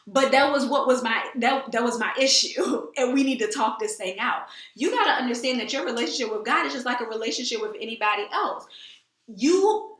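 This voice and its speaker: A woman's voice: a little high, fairly bright tone. A woman hosting a casual faith talk, earnest and emphatic, often repeating phrases. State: teary. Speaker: host. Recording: echoey room.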